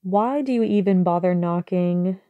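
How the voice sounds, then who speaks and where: A woman voicing a sullen, sharp-tongued young wizard, scornful and biting in an audiobook reading. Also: fairly low pitch, normal speed, clear, resonant tone, dry recording, narrow, tinny audio, natural voice. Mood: weary.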